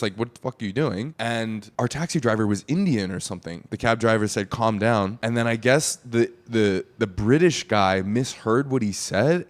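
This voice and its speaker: Rambling, swearing young guy. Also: mid-range voice. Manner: rambling, profane storytelling. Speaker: reaction video host. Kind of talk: casual reaction commentary.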